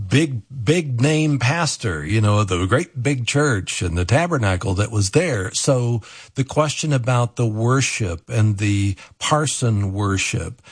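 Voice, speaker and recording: A man's voice: medium pitch, husky, no echo, studio quality. A man hosting a call-in radio talk show, chatting with his guest and introducing callers.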